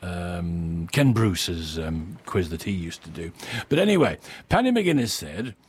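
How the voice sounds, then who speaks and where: An older man hosts a relaxed radio show in a husky, slightly low voice. He rambles, restarts and chuckles at his own jokes, his pitch rising and falling in a lively sweep. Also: measured pace. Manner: rambling, self-amused, chuckling often. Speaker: radio presenter. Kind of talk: casual radio presenting.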